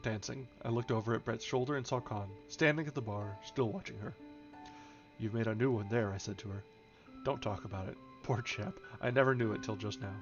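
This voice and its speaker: A man's voice: on the low side, brisk. A man reading a novel aloud on a live stream, with small slips and restarts and light changes of voice for the characters. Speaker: audiobook reader, streamer. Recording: slightly dull home stream audio with soft background music. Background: faint background music.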